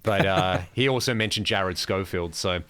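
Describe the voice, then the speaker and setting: An Australian man with a lowish voice banters on a podcast. He ribs his co-host and keeps things loose and chatty. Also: moderate pace, fairly bright tone. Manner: teasing, banter-heavy. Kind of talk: casual chat.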